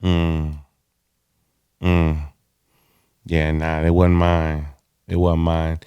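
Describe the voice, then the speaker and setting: A man co-hosting a podcast in casual chat, laid-back and reflective, quick to joke. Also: extremely low pitch, completely flat delivery, smooth, no echo, lo-fi sound. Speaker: podcast co-host.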